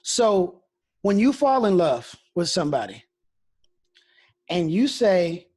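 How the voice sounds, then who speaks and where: A pastor speaks candidly in a conversational interview, telling stories and frequently restarting his phrases. His voice is high-pitched, husky and darkish in tone, very animated, and he talks at a slow pace.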